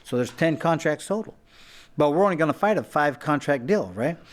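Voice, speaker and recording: A man's voice: fairly high pitch, expressive, a little fast. Rambling man telling boxing stories. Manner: rambling, many restarts, acts out quotes. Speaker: guest, former boxer. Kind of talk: casual storytelling.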